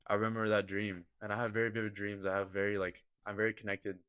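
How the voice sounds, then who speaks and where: A young man, a football kicker appearing as a podcast guest, earnestly tells a personal story in vivid detail during a casual interview. His voice sits on the low side and sounds a bit bright and smooth, with a flat delivery and quick pace. The recording is dry.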